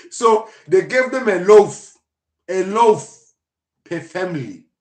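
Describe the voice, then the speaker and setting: A man hosting a casual live podcast, talking in an animated, mocking and joking way. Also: sits high, slow. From South Africa. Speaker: podcast host. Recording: roomy echo.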